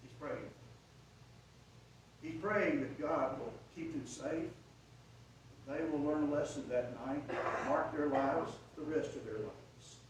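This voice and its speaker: A man's voice: fairly high pitch, a little slow. A man preaching a sermon, retelling a story with dramatic swells in volume. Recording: echoey room from far off, faint noise.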